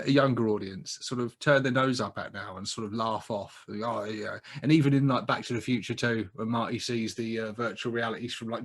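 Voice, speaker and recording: A man co-hosting a casual chat about films, animated, laughing often and swearing freely. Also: medium pitch, breathy edge. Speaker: podcast co-host.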